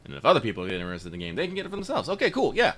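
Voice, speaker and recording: A man's voice: mid-range voice, wildly swooping pitch, racing, a bit bright. A man hosting a casual let's-play stream, joking loosely and swearing freely as he plays and signs off. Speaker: streamer and show host.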